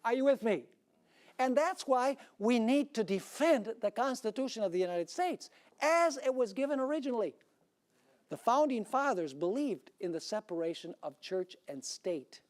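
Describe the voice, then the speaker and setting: Man, pastor, sermon, high-pitched, emphatic, asks the congregation rhetorical questions. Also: a little mellow.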